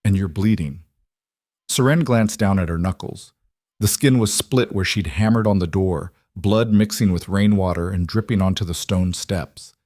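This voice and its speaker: A man narrating a story in a measured, scripted audiobook style. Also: low-pitched, a little mellow, no echo, studio quality.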